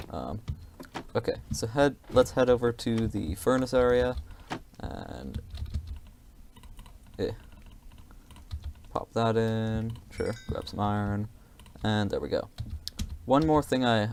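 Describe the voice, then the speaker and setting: Man, low voice, slow and halting, casual game commentary, faint keyboard clicks. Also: darkish tone, slight background noise. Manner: hesitant, rambling, self-deprecating, many fillers. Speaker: gameplay commentator.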